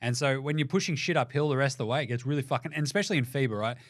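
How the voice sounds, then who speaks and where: Sweary sarcastic Australian sports host. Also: male voice, medium pitch, rapid-fire, no echo, clean studio sound. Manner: sarcastic, swearing, swings between mutters and loud outbursts. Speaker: basketball show host. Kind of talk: profane sports commentary rant.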